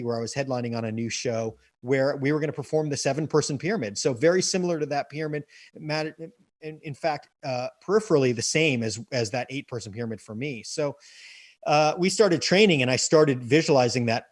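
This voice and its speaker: A man's voice: mid-range voice, brisk, no room sound, studio quality. An earnest man telling a personal story as an interview guest, often repeating words as he restarts sentences. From United States.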